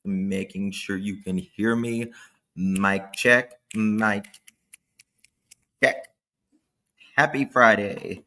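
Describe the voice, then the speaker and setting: A tired man hosting a casual live stream from indoors, warmly thanking chat viewers through his laptop microphone. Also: fairly low pitch, fairly even intonation, drawn-out words, pauses often. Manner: warm, effusive thanks to chat members. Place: indoors at home. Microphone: laptop camera mic.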